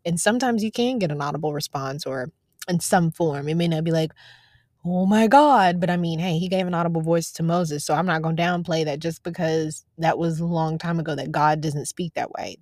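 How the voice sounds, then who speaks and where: A woman hosting a devotional podcast, chatting casually and encouragingly, then reading scripture aloud slowly. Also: deep voice, a little mellow, dry recording, studio quality. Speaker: podcast host.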